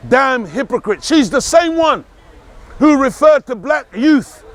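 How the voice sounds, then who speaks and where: A man giving a forceful outdoor street speech, repeating phrases for emphasis and shouting at times. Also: very high-pitched, animated, unhurried. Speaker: street speaker. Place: outdoors in a city park.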